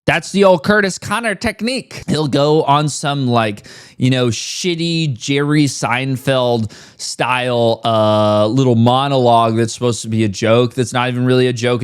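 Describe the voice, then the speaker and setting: A man's voice: medium pitch, clean tone. A man giving a casual, blunt reaction rant, sarcastic and full of swearing. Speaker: reaction commentator. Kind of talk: casual ranting commentary.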